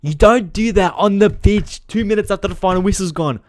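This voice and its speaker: A man's voice: high voice, fairly quick, darkish tone, no room sound. A man hosting a casual live-stream football chat, ranting with frustration, swearing freely and talking straight to his viewers. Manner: frustrated, talks to viewers directly. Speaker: football channel host.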